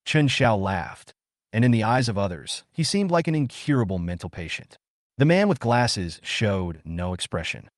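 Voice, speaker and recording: A man's voice: fairly low pitch, sing-song, moderate pace, no room sound, studio quality. Man narrating a comic story. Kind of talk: scripted narration of a comic recap.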